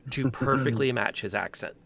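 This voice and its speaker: Casting: a game master, mid-pitched and gravelly, chatty podcast host. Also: male voice, moderate pace, fairly bright tone. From American Midwest. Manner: chatty, rambling with tangents. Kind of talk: casual chat.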